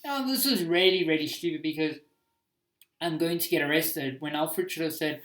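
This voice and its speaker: A man's voice: a little high, normal speed, fairly bright tone. A man giving casual commentary on his own homemade film, hesitant and self-critical, with many restarts.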